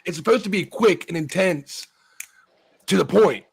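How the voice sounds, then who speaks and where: A man's voice: high voice, lively intonation, moderate pace, vocal fry, slightly rough. A man hosting a casual talk show, rambling profanely with many restarts as he argues his point. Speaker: podcast host. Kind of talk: casual chat.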